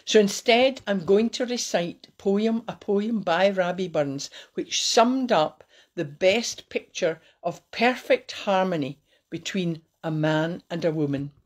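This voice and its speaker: A woman giving a light, cheeky talk to her viewers and slowing down to recite verse. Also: lowish voice. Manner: cheeky, playful, slows down to recite. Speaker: host giving a Burns Supper talk. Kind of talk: casual talk with poetry recitation.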